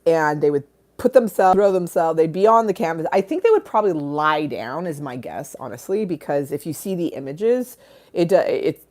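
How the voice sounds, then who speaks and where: A woman chatting live from her phone, drifting from thought to thought and swearing casually as she reads out viewer comments. Her voice is low and mellow. She sounds loose and unscripted. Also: sing-song, moderate pace. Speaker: livestream host. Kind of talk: casual livestream chat.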